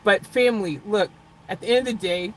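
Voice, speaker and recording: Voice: medium pitch, a little fast, slight background noise, poor audio. Chuckling livestream host in a vehicle. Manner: chuckles often, playfully dramatic, jumps between loud teasing and soft sincere talk. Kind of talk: casual livestream chat with viewers.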